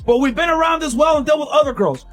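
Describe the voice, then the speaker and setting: A man with a very high, bright voice rants at full volume like a podcast host laying down the law. His delivery is fired-up and preachy, with faint music underneath. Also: quick pace. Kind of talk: ranting podcast talk.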